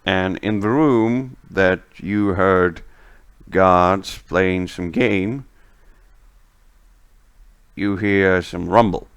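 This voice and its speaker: A man running a tabletop game as game master, narrating the scene in an unhurried way. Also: deep voice, clear, resonant tone. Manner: unhurried, lively narration with laughs.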